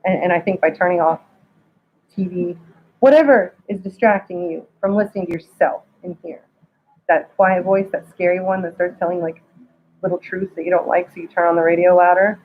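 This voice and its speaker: A woman's voice: fairly low pitch, fairly even intonation, brisk, a little hiss or hum. A woman guest in a casual spiritual talk, rambling with many stammered restarts. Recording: dull lo-fi sound.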